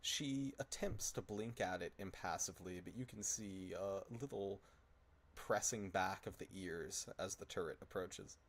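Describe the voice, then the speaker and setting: A man's voice: deep voice, a little slow. A man narrating a tabletop game as dungeon master, laughing often between descriptions.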